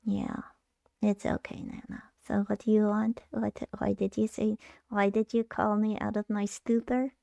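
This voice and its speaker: A woman voicing a sleepy purple male monster puppet who co-hosts, speaking in a drowsy, dry, gently sarcastic way. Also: medium pitch, flat delivery, measured pace, creaky, no room sound, highs cut off, voice pushed up. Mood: droll.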